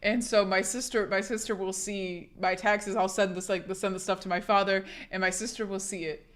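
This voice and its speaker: A young woman streamer with a hoarse, husky sick voice, rambling casually to her chat and swearing a lot. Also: medium pitch, steady tone, normal speed.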